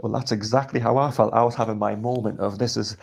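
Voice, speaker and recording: A man's voice: lowish voice, fairly even intonation, fast talker, darkish tone. A young man casually telling a rowdy anecdote, swearing a lot and acting out quotes. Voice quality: gravelly, husky. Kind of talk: casual storytelling chat.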